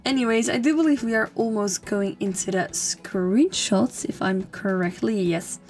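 Soft music plays in the background as a gaming channel's young female host chats her way through a voice-over of a game build, full of fillers and restarts. She speaks at a normal speed with a medium-pitched, somewhat mellow voice that sounds slightly strained and fading.

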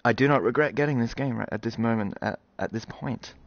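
A man hosting a gaming video, talking to his viewers in excited, animated commentary, quick to swear and exclaim. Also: mid-range voice, vocal fry, noisy background. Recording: slightly dull recording with game music.

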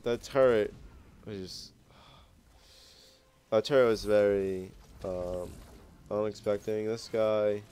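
Clear and resonant, with a lowish, somewhat mellow pitch, a young man's voice carries his loose commentary on his own gameplay. He's a gaming YouTuber who swears a lot and wanders from point to point in a relaxed way.

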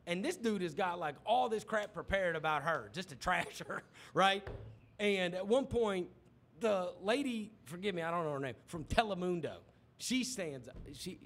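High-voiced animated male radio host. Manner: animated storyteller, mimics others loudly. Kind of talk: casual studio chat. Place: radio studio.

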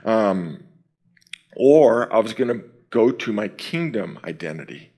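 A middle-aged man giving a sermon at a camp, opening in prayer and then telling a personal story with lively quoted dialogue. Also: fairly low pitch, measured pace, breathy edge. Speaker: camp speaker.

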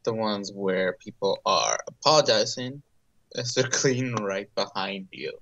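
A man's voice: fairly low pitch, measured pace, creaky, fairly bright tone, muffled recording. A man musing casually while playing a card game with friends. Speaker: game night player. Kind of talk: casual chat.

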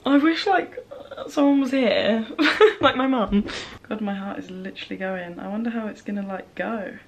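A young woman in her twenties talking casually to camera, excitable and emotional, fast and breathless. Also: mid-range voice, dull audio, slight background noise. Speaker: vlogger. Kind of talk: casual vlog talk.

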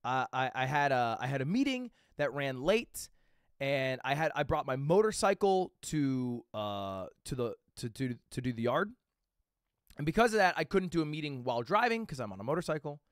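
A man's voice: mid-range voice, very animated, normal speed, clean tone, dry recording, clean studio sound. A man telling a live chat a rambling, casual anecdote, swearing freely and checking in with "okay?" and "right?" as he goes. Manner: casual and profane. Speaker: livestreamer.

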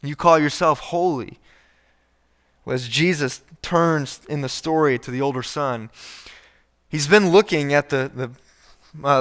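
A man's voice: mid-range voice, fairly bright tone, clear, resonant tone. A male pastor preaching a conversational sermon, reading scripture and acting out the quoted speakers, with frequent restarts.

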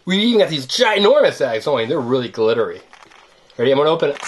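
Low, lively-voiced woman hosting an unboxing. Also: fast talker, slightly rough. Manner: animated, teasing, sing-song. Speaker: parent hosting a toy-unboxing video. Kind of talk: playful chat with a child while opening toys.

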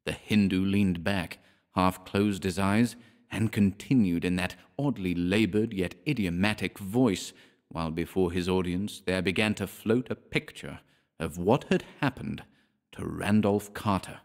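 A man narrating a horror audiobook in a measured, dramatic reading. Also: deep voice, darkish tone. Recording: long hall reverb.

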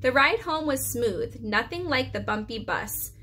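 A woman preschool teacher reading a children's chapter book aloud for her class. Her voice is bright and a little high, telling the story expressively. She trips over a word now and then and corrects herself. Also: a little slow. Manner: expressive storytelling with occasional stumbles.

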